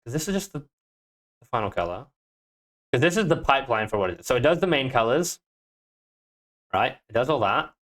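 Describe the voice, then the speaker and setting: A game developer talks through his code on a live stream in a put-on Scottish accent. He mutters to himself, cusses freely and bursts out loud when things go wrong. His pitch sits in an ordinary middle range. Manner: mutters to himself, swears, sudden excited outbursts. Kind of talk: live-coding stream, thinking aloud.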